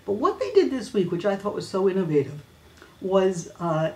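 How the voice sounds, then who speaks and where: A woman's voice: medium pitch, big pitch swings, moderate pace, dark tone. Chatty woman host in a roomy space. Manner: chatty, many fillers and restarts. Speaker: host of a weekly fan news videocast. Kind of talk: casual news chat. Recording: roomy echo.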